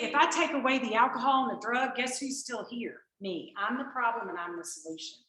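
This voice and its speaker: A woman tells her personal recovery story to a group in an animated, storytelling way. Her voice sits a little high and rings bright and forceful. The recording is echoey, as in a meeting room. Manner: animated storytelling, acts out quoted exchanges. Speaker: recovery speaker. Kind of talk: personal testimony talk.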